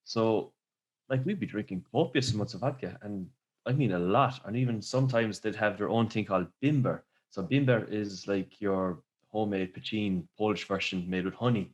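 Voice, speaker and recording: Man, podcast host, casual chat, lowish voice, rambling. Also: normal speed. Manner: rambling storytelling, laughs often.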